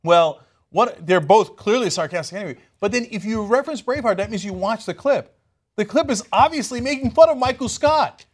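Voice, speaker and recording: A man with a slightly high voice talks through political news in a casual, animated way. He mocks the people he discusses and often slips into sing-song impressions of them. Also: brisk. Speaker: co-host.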